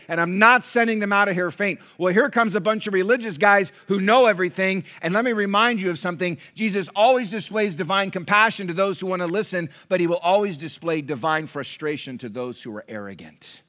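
A male pastor delivering a sermon in a church, with a high, ringing, bright voice. He preaches animatedly, punching some lines loud and dropping others to a near-hush. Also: animated, a little fast.

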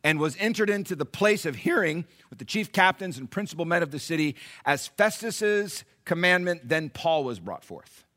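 A man preaching a sermon, retelling scripture dramatically, swinging from hushed lines to loud, animated asides. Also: a little high, moderate pace, few pauses. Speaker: pastor.

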